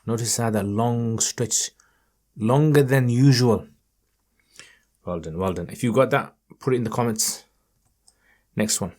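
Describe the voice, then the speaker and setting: A man in a mid-range voice leads a Quran reading lesson, addressing the viewers directly and cheering them on. When he recites, he stretches the sounds slowly and with care. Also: mid-range voice, darkish tone. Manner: slow, stretched chanting in recited passages.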